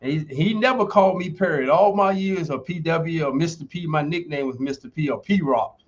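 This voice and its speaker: On a podcast, this guest, a man in his sixties who once played football and now lectures at a university, shares stories at a moderate pace. His voice sits on the high side, with the highs cut off, and his style is emphatic, folksy and coach-like.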